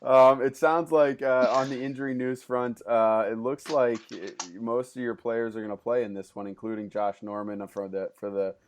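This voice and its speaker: A man's voice: mid-range voice, flat delivery, moderate pace, hardly any pauses, a little hiss or hum. A man hosting a casual podcast chat, talking loosely with plenty of fillers and restarts. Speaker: podcast host.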